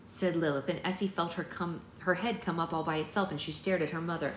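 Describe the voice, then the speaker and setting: A woman reading a novel aloud for her book club in a steady, unhurried storytelling way. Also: on the low side. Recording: roomy sound with faint noise.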